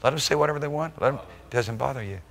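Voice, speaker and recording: A man preaching a sermon as pastor at a live church service. He swings between loud, emphatic exclamations and soft, intimate asides, often checking in with the congregation. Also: medium pitch, quick pace, gravelly, in a large hall. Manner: rhetorical check-ins with the congregation.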